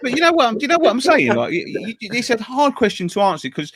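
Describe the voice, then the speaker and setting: A man telling a story in casual show chat, animated, stammering and repeating words, swearing freely and acting out others' lines. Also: very high voice, fast talker, a crowd in the background. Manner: acts out other people's lines in a raised voice. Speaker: show co-host.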